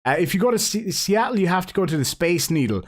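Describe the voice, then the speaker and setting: A man from Ireland with a Cork accent, hosting a live stream, reading donation messages in a rambling, jokey, excitable way. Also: sits high, fast talker. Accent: Cork Irish.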